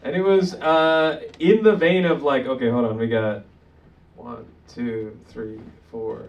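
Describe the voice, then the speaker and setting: A man's voice: medium pitch, steady tone, a little slow, vocal fry. A man with a Philadelphia accent hosting a live comedy competition in a loose, joking, swearing way. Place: comedy club stage. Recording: distant room mic with loud crowd and noise.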